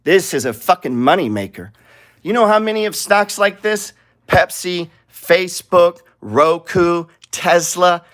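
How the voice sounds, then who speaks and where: Brief: high-voiced male trading teacher, blunt and profane, talks through charts with rhetorical questions. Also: lively intonation, measured pace, fairly bright tone. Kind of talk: live trading lesson with charts.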